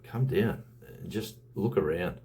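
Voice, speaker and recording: Australian male YouTuber, low pitch, relaxed rambling delivery. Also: unhurried. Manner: rambling, conversational, with frequent fillers. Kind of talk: casual vlog monologue.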